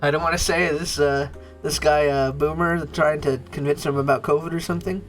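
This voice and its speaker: A woman's voice: sits low, steady tone, brisk, faint music behind. A woman streamer giving casual, playful commentary while playing a game. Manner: bubbly, playful.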